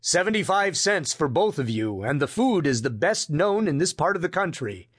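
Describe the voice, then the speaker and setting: A man voicing a calm, firm older grandfather who runs an inn. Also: fairly high pitch, moderate pace, slightly rough, no echo, studio quality, full character voice. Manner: firm, commanding.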